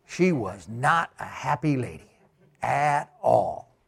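A middle-aged man giving a talk with slides, telling travel anecdotes slowly with many fillers. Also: mid-range voice, very animated, vocal fry, slightly rough. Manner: slow, unhurried anecdotes with fillers. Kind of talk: storytelling talk.

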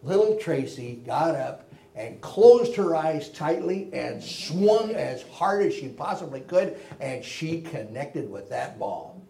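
A man's voice: fairly high pitch, sing-song, takes it slowly, creaky. Folksy man telling a story, echoey room. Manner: folksy and warm, drops to a hush for tender moments. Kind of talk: personal anecdote told to listeners.

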